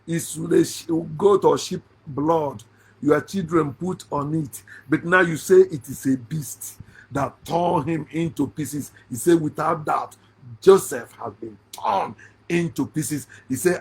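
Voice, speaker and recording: A man's voice: fairly high pitch, unhurried, gravelly, husky. A middle-aged man with a Nigerian accent, giving a sarcastic, laughing monologue about a Bible passage. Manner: laughs often, sarcastic, rising into shouts. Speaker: online Bible commentator. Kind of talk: mocking monologue on scripture.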